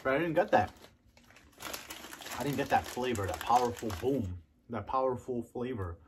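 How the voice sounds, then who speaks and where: A man casually reviewing snacks on camera, chatting between bites and savoring each taste with drawn-out mm and oh yeah sounds. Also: medium pitch, expressive, noisy background. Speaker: food reviewer.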